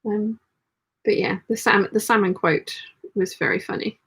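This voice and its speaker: A woman chats through a live stream while she sews, reading out viewer comments and answering them. Her voice is gravelly with a husky edge, and she talks in a loose, chatty way with plenty of fillers. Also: medium pitch, fairly even intonation, moderate pace, a bit bright. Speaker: sewing channel host. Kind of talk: casual live-stream chat while sewing.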